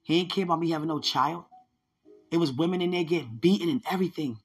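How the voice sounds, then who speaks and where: Husky woman telling her testimony. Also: low-pitched, fast. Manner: earnest, conversational, addresses listeners directly. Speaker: podcast host sharing a testimony. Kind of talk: personal testimony storytelling.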